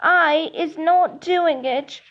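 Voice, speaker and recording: A trembling, squeaky little house-elf servant, voiced by a woman, slow and high-pitched. She speaks in broken grammar, and the audiobook recording sounds dull and lo-fi. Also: background noise. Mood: pleading.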